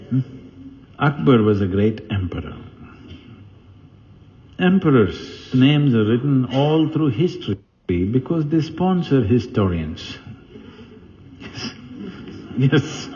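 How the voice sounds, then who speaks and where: Delivering a spiritual discourse, a man with a mid-range voice tells lively stories and asks his listeners questions. He is a spiritual teacher, and the sound quality is lo-fi.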